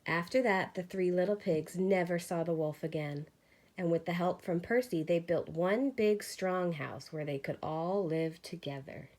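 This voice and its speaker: A woman teacher reading a children's storybook aloud with lively expression. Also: on the low side, measured pace.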